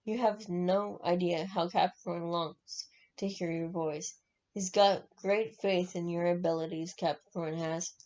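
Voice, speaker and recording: A woman reading aloud as a coarse male henchman with a broad, rough way of speaking, on a dull lo-fi recording. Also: fairly low pitch, steady tone, measured pace, darkish tone, lightly acted. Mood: taunting.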